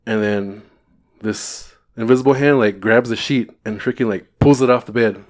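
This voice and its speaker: A man telling a personal story on a podcast as a guest, animated and loose, swearing and stumbling over fillers and restarts. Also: medium pitch, normal speed. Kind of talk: casual storytelling.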